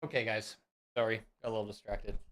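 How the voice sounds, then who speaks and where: A man from Central California, chatting casually and excitably with viewers on a live stream. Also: fairly low pitch, fast talker. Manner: rambling, excitable, talks to chat. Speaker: fitness streamer.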